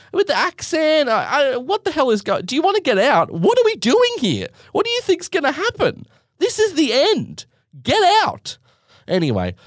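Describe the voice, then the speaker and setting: A man telling a story in a casual storytime monologue, his pitch leaping all over the place as he mocks what happened. He is sarcastic and theatrical and swears without a second thought. The sound is close and dry, with no room around it. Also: dry recording. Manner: animated, sarcastic and dramatic, swears freely.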